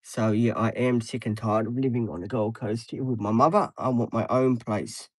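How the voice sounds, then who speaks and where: A man's voice: mid-range voice, steady tone, normal speed, dry recording, rough recording. A man in his thirties live streaming from inside a van, rambling with lots of ums and restarts. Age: 30s. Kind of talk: casual live stream chat. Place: inside a parked van, dim light.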